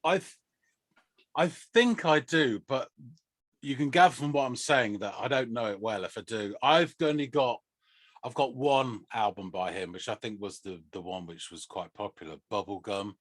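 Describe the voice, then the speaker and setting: A man's voice: mid-range voice, normal speed, no echo. A man in his fifties co-hosting a music reaction show, chatting in a wry, self-deprecating way. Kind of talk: casual chat.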